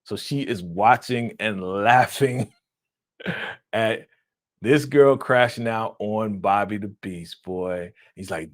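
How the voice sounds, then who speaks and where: A man hosting a casual live-stream reaction, animated and laughing, acting out quotes in a raised voice. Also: lowish voice, unhurried, no echo, studio quality.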